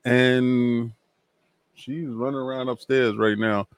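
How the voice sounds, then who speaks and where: Guest storyteller: New man, lively delivery that acts out the voices of others, dry close sound, mid-pitched voice. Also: takes it slowly, clean tone, dry recording. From New York. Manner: animated, acts out other people's lines. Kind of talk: casual storytelling.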